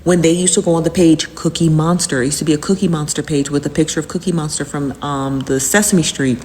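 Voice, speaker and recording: Rambling woman host, lowish voice. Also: steady tone, fast talker, a little mellow, big-room sound, slight background noise. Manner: rambling and repetitive, with frequent fillers. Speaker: host recapping live-stream drama. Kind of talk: casual chat.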